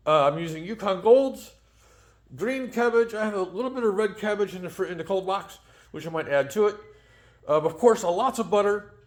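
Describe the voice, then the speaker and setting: A man hosting a casual home cooking vlog, chatty and rambling with frequent ums and restarts. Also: high-pitched. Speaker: home cooking show host.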